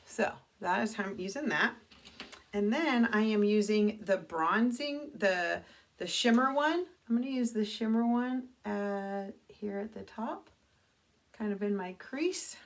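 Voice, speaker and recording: A woman's voice: mid-range voice, expressive, measured pace. Chatty woman giving a makeup tutorial. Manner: chatty, self-correcting, demonstrating as she goes. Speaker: makeup consultant. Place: home bathroom. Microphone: camera mic.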